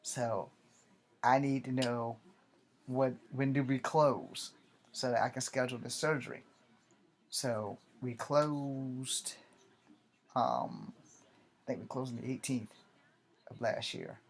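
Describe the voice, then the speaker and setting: A man's voice: medium pitch, slow pace, long pauses. Rambling, profane man in his forties. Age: 40s. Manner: rambling, profane, often corrects himself. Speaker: army veteran vlogger. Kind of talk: casual personal storytelling.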